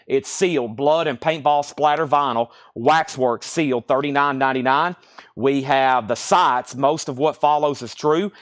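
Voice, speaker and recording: A man with a medium-pitched voice hosts a live vinyl record sale, rattling off titles, prices and bids in quick auction patter. He sounds a little out of breath as he lists everything rapid-fire.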